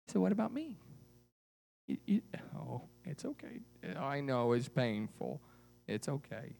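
A man leading a children's church puppet show, animated and coaxing as he tells a story to the kids. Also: medium pitch, a little slow, vocal fry.

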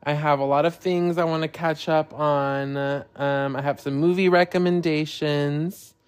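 A man's voice: fairly high pitch, fairly even intonation, measured pace, smooth. A man hosting a solo podcast in a casual, candid chat who swears freely and talks openly about personal feelings. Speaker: podcast host.

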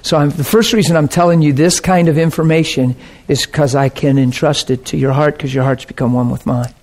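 A male preacher delivering a sermon in a conversational, earnest tone. His voice sits a little high for a man, and he keeps turning to the crowd to ask if they follow. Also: fairly even intonation, fairly quick, darkish tone. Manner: earnest, conversational, often checks in with the audience.

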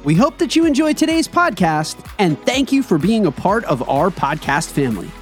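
Promo announcer, lively sing-song read, soft music bed behind. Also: mid-range voice, moderate pace. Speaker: network announcer.

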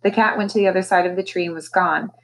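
A woman teacher reading a novel aloud to her class, with expressive, animated storytelling. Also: lowish voice, quick pace, poor audio.

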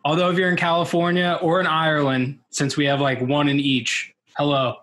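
A young man co-hosts a casual podcast with a slightly high voice. He rambles, stops and restarts his thoughts, and laughs along as he talks. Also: level tone, normal speed, a bit bright. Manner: rambling, hesitant, laughs often. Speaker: podcast co-host.

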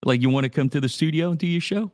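Rapid-fire and relaxed, a Louisiana man hosting a live morning radio show chats casually and reads sponsor plugs from a small office studio, dropping "dude" often. His voice is on the high side with a darkish tone, and there's no room sound.

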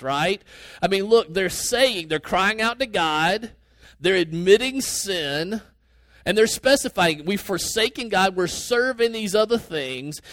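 A man preaching a sermon as a pastor, earnest and conversational, with sudden rises in pitch and pace. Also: a bit bright, dry recording.

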